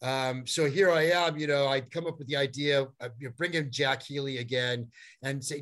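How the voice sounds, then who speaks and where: A middle-aged man telling a long story as a guest, animated and rambling, with many fillers and restarts. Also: medium pitch, normal speed. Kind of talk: storytelling in a conversation.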